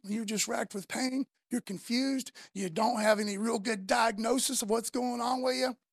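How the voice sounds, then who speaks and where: Woman, sermon, husky, dry close sound, emphatic, repeats herself. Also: fairly high pitch, steady tone, moderate pace, no echo. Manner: emphatic, repeats phrases, builds to loud passion. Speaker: preacher.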